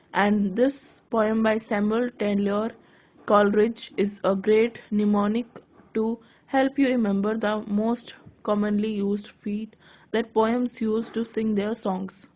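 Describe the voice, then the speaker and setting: A woman giving a lesson on writing poetry, reading her notes aloud haltingly and correcting herself as she goes. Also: mid-range voice, steady tone, a little mellow. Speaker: lecturer. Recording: dull lo-fi recording.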